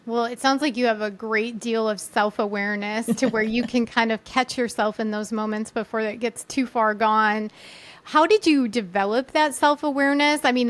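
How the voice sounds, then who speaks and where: A woman hosting a podcast interview. She affirms her guest and asks thoughtful, reflective questions. Her voice sits somewhat high. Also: fairly bright tone. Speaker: podcast host.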